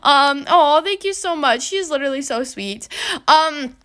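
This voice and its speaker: A young woman giving casual gameplay commentary as a YouTuber, bubbly and excitable, gushing thanks to viewers. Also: sits high, a little slow. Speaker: gaming YouTuber. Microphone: desk mic while doing her nails.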